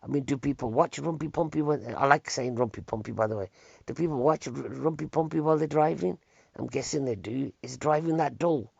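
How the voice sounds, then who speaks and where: A man telling rambling comic stories, with wry deadpan asides and rhetorical questions. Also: mid-range voice, fairly quick, vocal fry, husky, no room sound. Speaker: comedian. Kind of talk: rambling comic storytelling monologue. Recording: dull lo-fi recording, dry.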